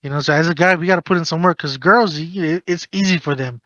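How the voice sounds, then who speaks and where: A man's voice: on the high side, fast, sharp tone, no echo, dull audio. A man hosting a casual podcast, ranting animatedly and swearing while giving advice. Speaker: podcast host.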